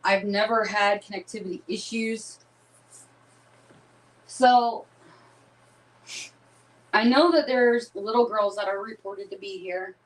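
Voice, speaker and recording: A woman on a live paranormal investigation, talking to her viewers in a hushed, uneasy way while cold and shivering. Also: medium pitch, steady tone, takes it slowly, long pauses, far from the mic, rough recording.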